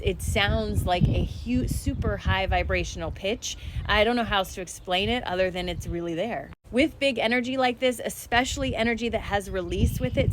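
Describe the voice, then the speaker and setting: A woman's voice: medium pitch, background noise. A woman talking casually to her viewers in a spiritual energy update, chatty and direct.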